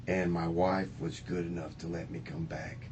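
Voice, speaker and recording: A man being questioned by police, talking in a low, rambling, agitated way and repeating himself. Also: flat delivery, normal speed. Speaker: suspect being interviewed. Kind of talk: police interrogation recording. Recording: noisy interrogation room recording.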